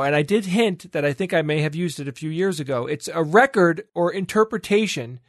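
A man's voice: a little high, a little fast, hardly any pauses, dry recording, clean studio sound. A man hosting a podcast segment in casual panel chat, playful and laughing often.

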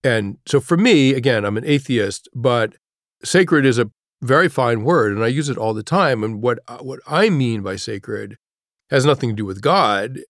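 Telling a personal story in an interview, this middle-aged male guest author is halting and reflective, falling to a hush when things turn grave. His mid-range voice is expressive, and the studio-quality recording has no room sound.

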